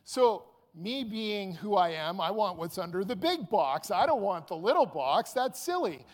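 A man in his fifties telling a personal anecdote aloud, animated and rambling with fillers and restarts. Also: high-pitched, unhurried. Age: 50s. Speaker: storyteller. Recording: long hall reverb.

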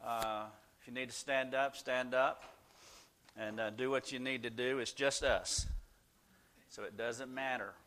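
A man's voice: mid-range voice, fairly even intonation, unhurried, fairly bright tone, slight background noise. An older man, a Christian counselor, telling folksy, self-deprecating stories to a small group in a casual way, with many "uh" fillers. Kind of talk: casual storytelling talk.

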